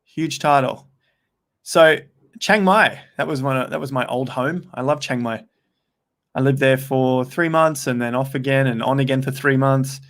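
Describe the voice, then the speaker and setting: A man's voice: mid-range voice, normal speed, fairly bright tone. Chatty young man hosting a livestream. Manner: chatty and rambling, with frequent restarts; upbeat, talks straight to viewers. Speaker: crypto livestream host. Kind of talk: casual livestream chat, reading out viewer comments.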